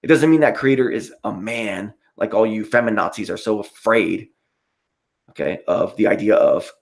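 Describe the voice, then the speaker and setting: A man's voice: lowish voice, normal speed, gravelly. Profane, worked-up male stream host. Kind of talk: casual live stream rant.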